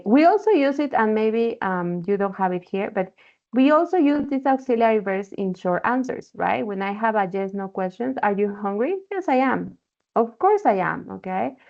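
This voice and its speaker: A woman's voice: medium pitch, a little mellow. A woman teaching an online English class, explaining patiently and checking in often with "okay?". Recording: dull lo-fi call audio.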